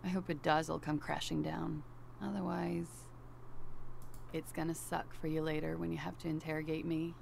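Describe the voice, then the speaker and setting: Wry game witness: low, gravelly, dry mockery. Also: female voice, level tone, normal speed, a little mellow, slight background noise. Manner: dry, teasing, mocking. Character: wry, teasing woman questioned by a detective. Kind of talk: video game voice acting.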